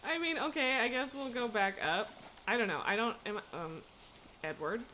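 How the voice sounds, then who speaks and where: A woman's voice: on the high side, expressive, moderate pace, bright, forceful tone, slight background noise. A young woman streaming a game live, chatting casually, swearing and laughing often. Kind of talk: casual live gaming commentary.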